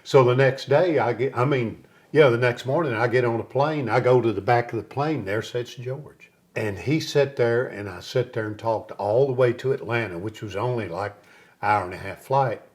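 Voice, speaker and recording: A man's voice: medium pitch, normal speed. A man who is a guest on an interview show, telling stories and acting out what other people said. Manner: lively storyteller who acts out other people's lines. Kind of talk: storytelling in a casual interview.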